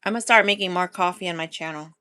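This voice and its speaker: A woman's voice: fairly low pitch, fast talker, bright, forceful tone, clean tone, no echo. Chatty woman laughing through a live stream. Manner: chatty and rambling, laughs often; talks to viewers directly while sipping coffee. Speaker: food vlogger hosting a live chat. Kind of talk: casual live-stream chat.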